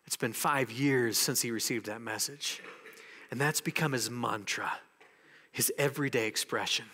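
A man preaching a sermon as pastor, animated and acting out the voices of people in the story. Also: mid-range voice, moderate pace, long reverb tail.

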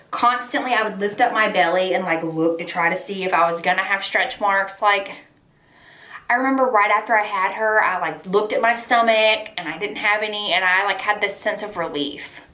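A woman's voice: medium pitch, sharp tone, roomy sound. A young woman talking candidly to camera, chatty and full of "like" and "y'all". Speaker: lifestyle vlogger. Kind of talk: casual heart-to-heart talk to camera.

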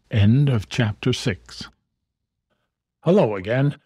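A man reading a children's adventure book aloud in a calm, even way. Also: medium pitch, moderate pace, no echo, clean studio sound. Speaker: storyteller.

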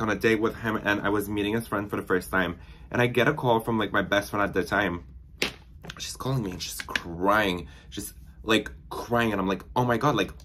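A young man with a somewhat low voice tells stories in a loose, rambling way, full of filler words, while he works on his makeup. A faint hum of room noise sits under his voice. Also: fairly bright tone. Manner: chatty, rambling, frequent "like" fillers. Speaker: beauty vlogger. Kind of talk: casual storytelling while doing makeup.

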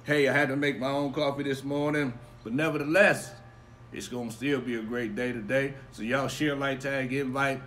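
A man preaching as a pastor on a casual live stream, giving upbeat shout-outs to viewers and telling a personal story in a quieter voice. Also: mid-range voice, steady tone, normal speed, slight background noise. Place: home backyard.

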